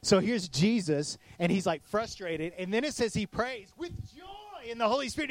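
Guy pastor preaching, kinda high voice, chatty with lots of "like", super dry sound. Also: moderate pace, no echo. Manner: animated preaching, acting out quoted voices; casual with many "like" fillers. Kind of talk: sermon.

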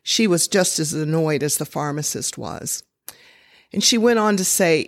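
A woman telling a true story in a slow, deliberate, expressive sermon style. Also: low-pitched, no room sound, clean studio sound.

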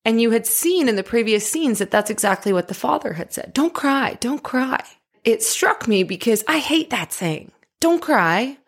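A woman life coach giving a motivational talk in an animated way, laughing often. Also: a little high, normal speed, few pauses, husky.

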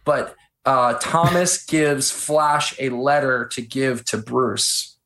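A man's voice: mid-range voice, slow pace. A man co-hosting a casual film chat, retelling scenes with feeling and getting choked up. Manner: animated storytelling, gets choked up. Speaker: podcast co-host. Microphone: on camera.

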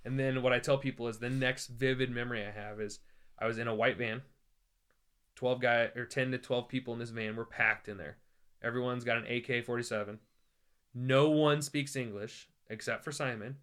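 An American man, a traveling evangelist, telling a story in a podcast interview, animated and joking and acting out the voices of the people he quotes. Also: medium pitch, normal speed, clean tone. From United States. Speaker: evangelist guest. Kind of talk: conversational storytelling.

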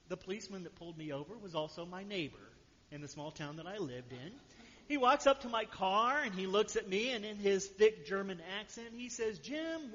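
A man's voice that sits high and sounds fairly bright carries a pastor's sermon in a church sanctuary. He chats with his congregation and frequently asks "right?", and the audio is dull with long hall reverb.

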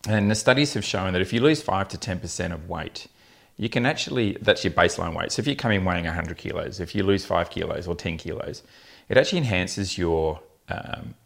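A fertility specialist tells blunt, funny patient stories in a casual podcast chat, laughing often as he goes. His voice is low-pitched, brisk and a bit bright, with vocal fry.

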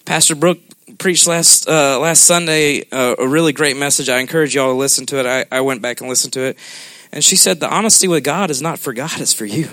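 With a medium-pitched, pushed, bright voice, a man delivers a sermon fairly quickly and conversationally. He keeps checking in with the congregation with "okay?" There is no room sound.

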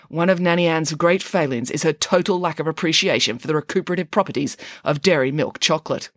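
A woman reading a comic children's story aloud as its storyteller, in a lively, wry manner. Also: low voice, fast talker, hardly any pauses, dry recording, clean studio sound.

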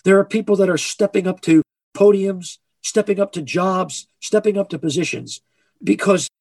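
A man preaching a sermon in an earnest, emphatic way, slowing down to stress key phrases. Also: sits high, a little mellow, no room sound.

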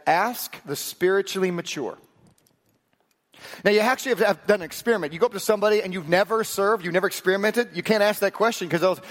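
A male pastor preaching a sermon to his church, telling stories and acting out bits of dialogue. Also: high voice. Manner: animated storytelling with acted-out dialogue. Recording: long hall reverb.

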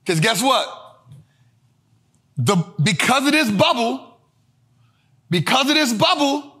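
A man hosting a street-style finance lesson, talking in slang, repeating his points emphatically and bursting into shouts. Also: very high voice, big pitch swings, slow, pauses often, slightly rough. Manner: emphatic and repetitive, drilling points home. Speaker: host.

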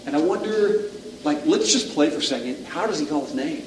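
A man's voice: fairly high pitch, animated, brisk, slight background noise. A middle-aged male pastor preaching a sermon in a conversational, self-deprecating way, asking the audience questions. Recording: echoey room, distant mic.

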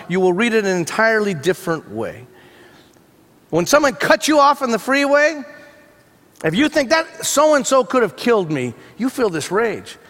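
A pastor preaching a conversational sermon, telling stories with humorous asides. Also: male voice, high-pitched, a bit bright. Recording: long hall reverb.

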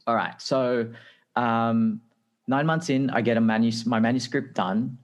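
An Australian man in his thirties, a podcast guest telling his career story in a lively, anecdotal way with frequent laughs. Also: mid-range voice, a little slow, dull audio. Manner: lively anecdotal, acts out dialogue, laughs often. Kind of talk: casual interview storytelling.

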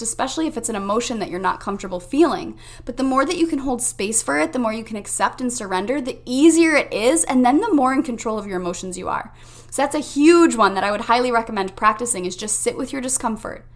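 High-voiced upbeat woman podcast host. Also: fairly bright tone. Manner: upbeat, emphatic, talks straight to listeners. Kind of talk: motivational self-help monologue.

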